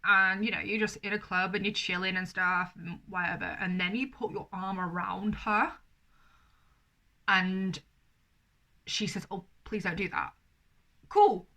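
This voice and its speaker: A woman's voice: mid-range voice, steady tone, measured pace, bright, forceful tone. A young British woman talking bluntly and emphatically to camera in an opinion vlog, swearing freely. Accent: British English. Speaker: vlogger.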